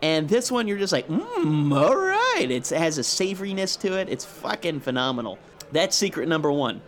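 A man's voice: fairly high pitch, lively intonation, brisk, fairly bright tone. A man in casual podcast chat, telling profane stories and acting out his own reactions.

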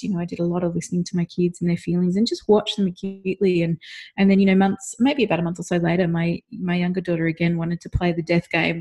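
A middle-aged woman talks through a family story in relaxed conversation, reflective and quick to laugh. Her voice sits low and sounds husky and breathy. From Australia. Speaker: podcast co-host. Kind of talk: casual chat.

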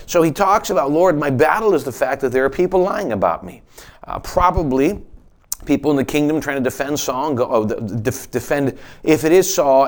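Middle-aged male pastor, folksy conversational sermon, loose and chatty with restarts. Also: mid-range voice. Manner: folksy, with frequent restarts and asides.

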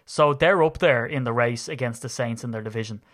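Male podcast host, animated and jokey banter. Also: medium pitch, brisk. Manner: chatty, laughing, animated banter. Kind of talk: casual sports podcast chat.

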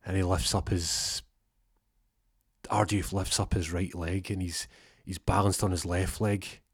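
A young man telling a comic story with lively energy, acting out the voices and sound effects. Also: sits low, unhurried, breathy edge, no echo, studio quality.

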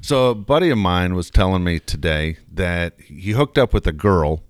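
A man's voice: deep voice, moderate pace, no echo, studio quality. A middle-aged man co-hosting a casual podcast, telling stories and acting out quotes. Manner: animated storyteller, acts out quotes. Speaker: co-host. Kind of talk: casual storytelling banter.

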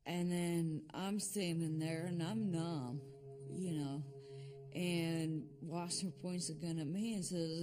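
Slow, steady woman recounting an ordeal. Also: on the low side, soft background music. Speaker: former prison officer recounting an ordeal. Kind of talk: documentary interview testimony.

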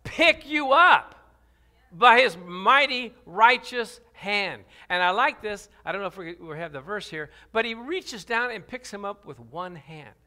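A man preaching a sermon. He talks animatedly, drops his voice low for scripture, rises to loud cries, and calls out questions to the congregation. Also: animated, measured pace. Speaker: pastor.

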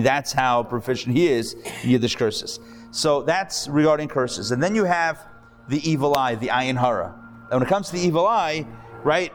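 A man, a rabbi, teaching a live class, telling jokes and chatting with the audience. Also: medium pitch. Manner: lively, jokey storyteller, chats with the audience.

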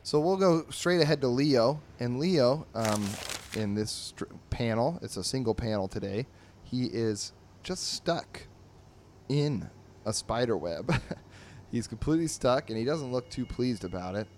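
A man's voice: mid-range voice, expressive, a little slow, a little mellow, a little hiss or hum. A man hosting a comedy podcast, reading and reviewing newspaper comic strips in a rambling, wry way with many fillers and restarts. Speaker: host.

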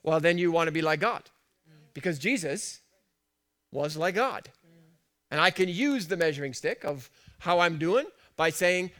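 A male pastor gives a sermon in a church. His voice sits a little high for a man. He talks in an easy, conversational way and keeps asking the congregation questions, dropping to quiet asides and then rising to loud, stressed lines. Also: animated, measured pace. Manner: conversational, asks the congregation questions, swings between soft and emphatic.

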